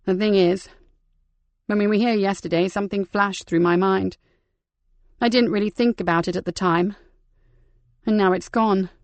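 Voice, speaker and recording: Troubled, hesitant male vicar, read by a woman with a gravelly edge, dry close sound. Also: high voice, steady tone, normal speed, long pauses, no room sound. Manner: hesitant, quietly worried. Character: troubled middle-aged male parish vicar.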